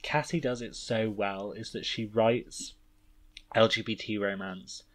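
A man's voice: fairly low pitch, steady tone, unhurried. A man co-hosting a podcast and chatting casually about books. He talks in an enthusiastic, fan-like way with lots of fillers. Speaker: podcast co-host. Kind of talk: casual book-discussion chat.

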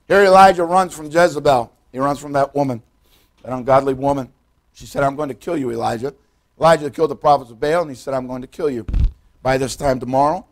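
An older man preaching a sermon in a church, retelling Bible stories dramatically in folksy, direct words, swinging between loud and hushed. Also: medium pitch. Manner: folksy, addresses congregation directly. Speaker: pastor. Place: church sanctuary.

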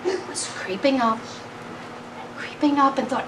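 A woman telling a folk tale aloud at a live gathering, expressive and unhurried, recorded from a distance. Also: sits high. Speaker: storyteller. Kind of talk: oral storytelling at a live gathering. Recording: faint noise, mic from afar.

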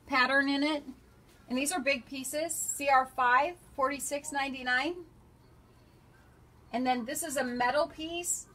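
A woman's voice: sits high, steady tone, measured pace, long pauses, sharp tone. A woman hosting a live shopping stream, chatting and reading out item codes and prices. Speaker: shop host presenting products.

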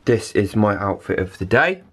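A young man chatting excitedly to camera in a casual vlog, self-mocking and talkative. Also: on the low side, moderate pace, husky, no room sound. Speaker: vlogger. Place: in a car and out and about.

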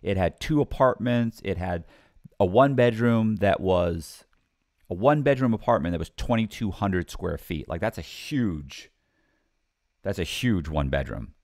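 A middle-aged man casually telling a story, chatty and animated, retelling conversations as dialogue. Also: low voice, a little slow, dry recording, clean studio sound. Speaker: guest telling his own story.

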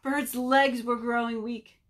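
A woman, a children's librarian, reading a story aloud at home for a virtual storytime, expressive and talking directly to the kids. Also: on the high side, slow, slight background noise.

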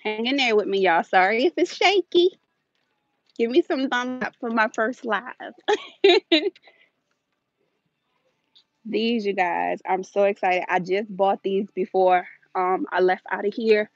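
A woman hosting a live shopping stream inside a large store, filming on a handheld phone and talking fast and chatty to her viewers while a little out of breath. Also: mid-range voice, dry recording. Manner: chatty, hurried, addresses viewers directly. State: slightly out of breath. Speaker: deal-hunting vlog host. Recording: dull phone audio.

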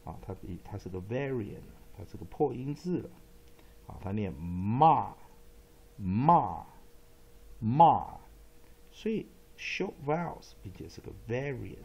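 Male phonics teacher; dark, mellow tone, repeats each word with emphasis. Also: mid-range voice, very animated, slightly rough. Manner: repeats words slowly and emphatically, switching between Mandarin and English. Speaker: English pronunciation teacher. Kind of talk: pronunciation lesson, drilling syllables.

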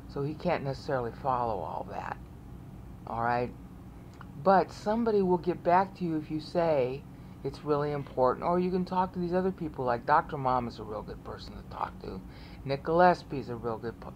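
A woman's voice: low voice, slight background noise. A woman casually walking viewers through online resources, rambling, repeating herself and often asking "okay?". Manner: rambling, repeats words, frequent "okay?" check-ins. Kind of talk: casual screen-share walkthrough.

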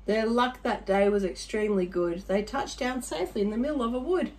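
A woman's voice: on the high side, a little fast, darkish tone. A woman reading a rhyming picture book aloud to children, adding chatty little asides to her listeners.

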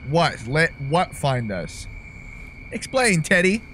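A man's voice: a little high, very animated, takes it slowly, fairly bright tone, a little hiss or hum. A young man doing casual gameplay commentary, jokey and profane, breaking into sudden yelps. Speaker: let's-play gamer.

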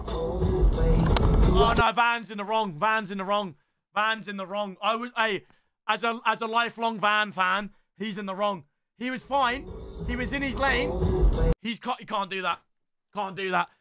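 A young man reacting to clips in casual commentary, excitable and quick to break into shouts. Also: sits high.

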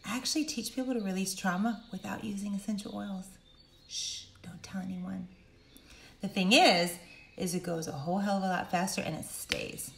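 Middle-aged woman, emphatic coach, animated, medium pitch, roomy echo. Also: a little fast, a little hiss or hum. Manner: animated, emphatic, acts out quotes with big pitch jumps. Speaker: speaker and coach. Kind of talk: direct-to-camera talk.

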